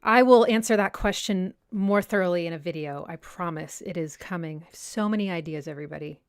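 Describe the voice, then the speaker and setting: A woman's voice: lowish voice, a little fast, smooth, no room sound, clean studio sound. A young woman hosting a casual livestream Q&A about music, reading viewer comments aloud and answering them in a chatty way. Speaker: music analysis channel host. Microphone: personal desk mic.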